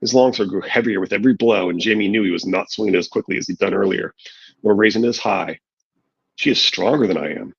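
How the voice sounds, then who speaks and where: A man's voice: lowish voice, fairly even intonation, fast, gravelly, slightly rough, muffled recording. A man reading a novel aloud and adding wry, thoughtful commentary. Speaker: podcast host reading aloud.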